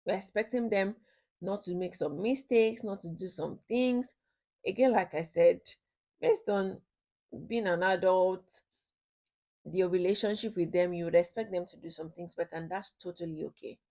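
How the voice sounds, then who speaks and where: Giving a talk on marriage as a ministry teacher, a woman speaks at normal speed with a fairly low pitch and warm tone. Earnest and instructive, she repeats her points to drive them home and keeps asking her listeners questions.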